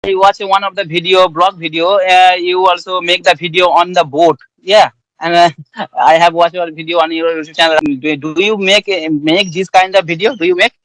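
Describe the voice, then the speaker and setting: A man hosts a casual interview, asking polite, halting questions with frequent restarts. His voice is high for a man and stays flat in tone. The recording is dry and close. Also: no echo, low-quality recording.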